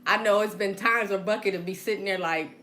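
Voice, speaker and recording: A woman with a Southern US accent telling stories in a casual chat, animated and laughing often as she acts out quotes. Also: mid-range voice, brisk. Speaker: podcast host.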